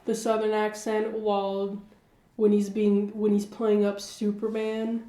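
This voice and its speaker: Woman co-host, slow unhurried delivery, giggly and chatty, recorded in a roomy echoey room. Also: mid-range voice, monotone, warm tone. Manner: giggly, heavy use of "like" fillers. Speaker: podcast co-host. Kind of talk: casual chat.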